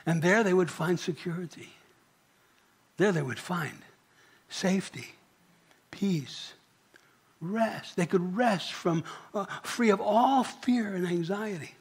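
Man, pastor, conversational sermon, high pitch, husky tone. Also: slow pace, pauses often. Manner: conversational, asks the congregation questions. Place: church.

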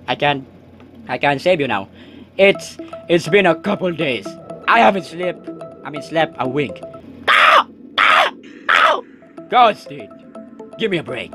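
A young man playing a game on camera and reacting loudly, his fairly high voice leaping between panicked yelps and low mumbled asides. His talk swings widely in pitch, full of shouts and quick jokes. Faint music plays behind him. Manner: drops to a low, muttering aside between outbursts. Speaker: gaming YouTuber. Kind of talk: let's play commentary.

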